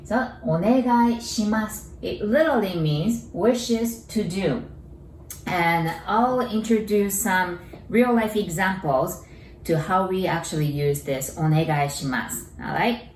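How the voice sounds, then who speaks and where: A woman's voice: fairly low pitch, roomy sound, recorded from a distance, slight background noise, rough recording. Upbeat Japanese-accented woman teaching. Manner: upbeat, slow careful pronunciation drills. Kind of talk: friendly language lesson.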